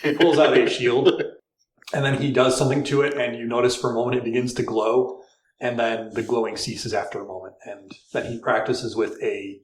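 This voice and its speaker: A man's voice: medium pitch, steady tone, fairly quick. A man running a tabletop game as game master, narrating in a conversational way with fillers and self-corrections. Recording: echoey room, faint noise.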